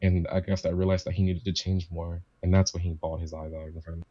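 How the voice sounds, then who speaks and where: Casual male storyteller, deep voice, rambling and repetitive, dry lo-fi sound. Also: monotone, quick pace, mellow, no room sound. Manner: rambling, repeats himself, quotes family members. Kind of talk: casual chat, personal story.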